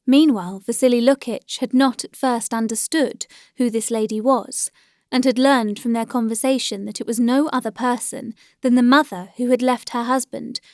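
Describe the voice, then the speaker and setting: A woman with a fairly high voice reads a classic novel aloud in measured, gentle storytelling. She is recorded close to a studio mic, and the sound is dry with no room echo. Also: steady tone. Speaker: audiobook narrator. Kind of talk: scripted narration of a classic novel.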